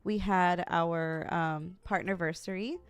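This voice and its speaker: A young woman streamer with a lowish, smooth voice speaks slowly, casually chatting with her viewers, giggling and animated as she addresses chat directly. There's no room sound.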